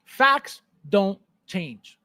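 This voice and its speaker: In a studio-quality clip with no echo, a male livestream host rants without a script, swearing bluntly, hammering his points emphatically, repeating himself, and reading viewer comments out loud. His high voice is sing-song, pushed and bright, and he talks very slowly.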